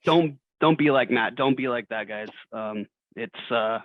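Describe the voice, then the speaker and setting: A man's voice: medium pitch, unhurried, dry recording. A man in a sales team telling a story on a video call, blunt and profane. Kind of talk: casual storytelling. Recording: tinny phone-like video call.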